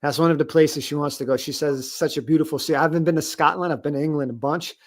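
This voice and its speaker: A man's voice: on the high side, fairly even intonation, racing. A man hosting a live-stream interview, talking in a casual, friendly way. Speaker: host.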